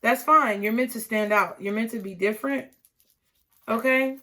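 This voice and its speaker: Encouraging tarot-reading woman, higher voice. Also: moderate pace, sharp tone. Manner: encouraging, repeats words, many "okay?" asides. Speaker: tarot reader. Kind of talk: casual tarot reading to camera.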